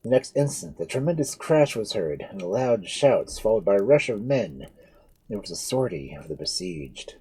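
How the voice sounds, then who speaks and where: A man reading a novel aloud as a storyteller, in a dramatic and expressive way. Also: lowish voice, moderate pace, slightly rough, rough recording.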